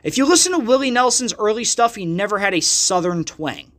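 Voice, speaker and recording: A man's voice: high voice, animated, fairly quick, fairly bright tone. A man from the United States hosting his own podcast, ranting with a lot of profanity in a loose, heated monologue. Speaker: podcast host. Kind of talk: solo podcast rant.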